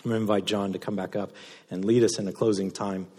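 A man pastor preaching a sermon, moving between loud impassioned passages and soft, low delivery. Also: little pitch movement, fast, husky. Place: church sanctuary. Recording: reverberant hall sound.

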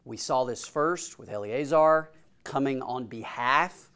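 A man's voice: mid-range voice, measured pace, a bit bright, clear, resonant tone. A man teaching a Bible class in a casual way, reading scripture and asking the group questions. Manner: asks the group questions, informal.

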